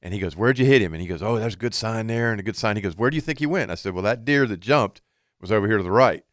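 A man's voice: on the low side, very fast, no room sound, clean studio sound. A man telling a hunting story in casual chat, acting out what he and his buddy said. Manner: animated storyteller, quotes himself and others.

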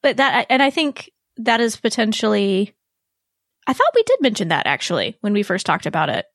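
A woman's voice: medium pitch, sing-song, normal speed, a bit bright, no echo, studio quality. A woman co-hosting a podcast in casual chat, weighing theories and qualifying her points. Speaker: podcast co-host.

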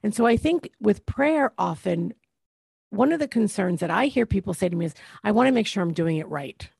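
A woman's voice: mid-range voice, expressive, a little fast, gravelly, a little mellow, breathy edge, no room sound. A woman hosting a faith podcast, reflecting aloud and asking her guest questions. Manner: reflective, teacherly, asks questions. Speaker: podcast host.

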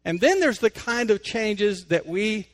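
A man with a notably high voice gives a folksy radio devotional. He tells a story, then talks plainly and personally, like a layman chatting with listeners. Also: lively intonation, a little slow. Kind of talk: conversational devotional talk.

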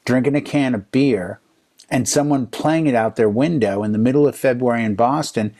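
A man in his fifties, a DJ, telling a string of stories in a relaxed chat. His pitch sits in a middle range, and he gets animated as he acts out what other people said. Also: normal speed. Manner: animated storyteller, voices other people's lines in quotes. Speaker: DJ and podcast co-host. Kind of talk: casual chat.

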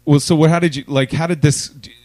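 A man hosting a casual interview, asking questions in a relaxed, joking way into a studio microphone. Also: a little high, fast, dry recording. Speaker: podcast host.

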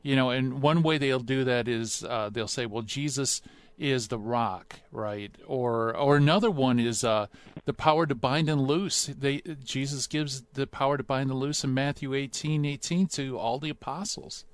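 A man's voice: mid-range voice, normal speed, clear, resonant tone, no echo. A man hosting a radio talk show, speaking in a conversational way. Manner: conversational, with fillers.

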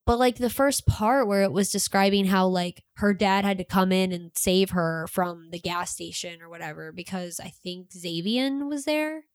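A woman's voice: mid-range voice, normal speed, few pauses, no echo, clean studio sound. A woman in a casual book review chat, rambling and filling her talk with "like". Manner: rambling, many fillers.

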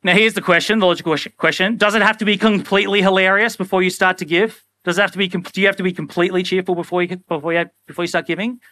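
A young man preaching a sermon in a casual, animated way, often acting out little everyday scenes. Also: high voice, rapid-fire, hardly any pauses, no echo. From Australia. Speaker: pastor.

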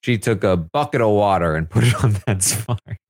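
A man's voice: fairly low pitch, moderate pace, darkish tone, no room sound, clean studio sound. A man hosting a casual recap of a reality show, chatty and full of fillers, laughing as he talks. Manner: chatty, filler-heavy, laughs while talking. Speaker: live feed recap host.

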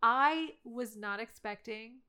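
A woman's voice: a little high, slow, sharp tone, clear, resonant tone. A woman co-hosting a casual movie review chat, talking in a gushing, chatty way with lots of fillers. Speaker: podcast co-host.

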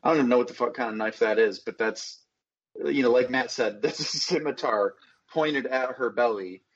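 A podcast co-host recapping a film, speaking haltingly with many pauses and fillers. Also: medium pitch, slightly rough, lo-fi sound. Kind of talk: casual movie recap chat.

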